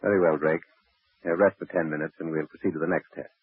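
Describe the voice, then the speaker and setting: A man playing a calm, methodical psychiatrist in 1940s radio acting on an old broadcast. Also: very deep voice, fast, husky, no echo, narrow, tinny audio, heavily acted. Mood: clinical.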